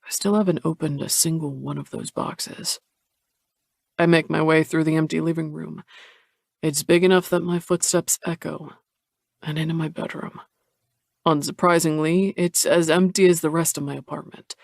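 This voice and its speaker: A man reading a romance audiobook in the first person, measured and introspective. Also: on the high side, steady tone, vocal fry, no room sound, studio quality. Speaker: audiobook narrator. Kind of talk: first-person scripted narration.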